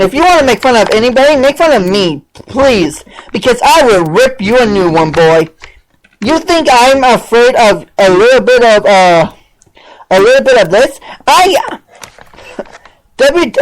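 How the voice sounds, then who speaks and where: High-voiced sarcastic woman host. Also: slight background noise, low-quality recording. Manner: mocking, sarcastic, exclaiming. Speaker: podcast host. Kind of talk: ranting commentary on a played clip.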